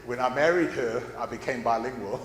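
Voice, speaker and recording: A man's voice: medium pitch, animated, moderate pace, roomy sound, in a large hall, background noise. An older man giving a folksy, rambling Bible class talk, often repeating words as he goes. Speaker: guest speaker at a Bible class. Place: church classroom.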